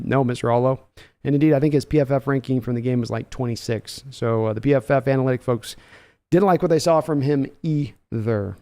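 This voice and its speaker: A man's voice: mid-range voice, fairly quick, mellow. A man hosting a casual live-stream podcast, reading viewer comments aloud and answering them offhand. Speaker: podcast host.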